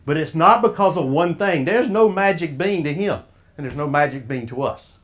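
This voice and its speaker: Folksy Southern man with a raised pitch. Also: expressive, moderate pace. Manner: folksy, preacher-like, quizzing the audience. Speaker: speaker at an officials' association. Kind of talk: motivational talk.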